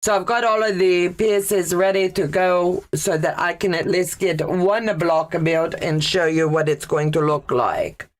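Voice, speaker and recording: A woman's voice: lowish voice, fairly even intonation, measured pace, few pauses. A woman hosting a casual sewing livestream, chatting and reading viewer comments aloud.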